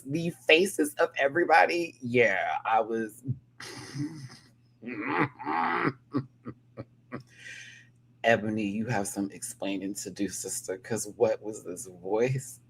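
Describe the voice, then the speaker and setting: A man's voice: medium pitch, takes it slowly, vocal fry, pauses often, fairly bright tone, a little hiss or hum. A man giving a sassy, dramatic casual rant reviewing a reality TV episode, with cackling asides.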